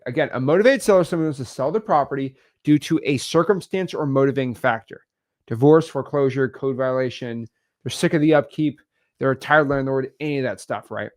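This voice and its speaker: A man coaching on real estate wholesaling, energetic and repetitive, acting out example calls. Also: on the high side. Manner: energetic, repeats words, acts out examples. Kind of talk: teaching talk on video.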